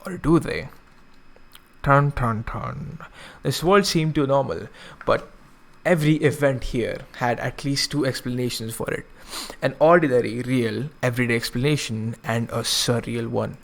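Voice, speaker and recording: A man's voice: mid-range voice, normal speed, vocal fry, hardly any pauses. A man streaming, reading a visual novel aloud and breaking off for casual asides. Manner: casual asides, self-correcting.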